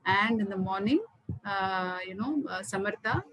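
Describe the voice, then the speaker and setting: A woman telling a story to an online class over a video call, animated and often repeating words. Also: mid-range voice, unhurried, a little hiss or hum, low-quality recording.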